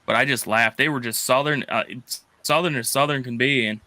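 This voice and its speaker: A man from Wisconsin in casual chat, telling animated stories and acting out quotes. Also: brisk, a little hiss or hum. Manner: animated, acts out quotes in high voices.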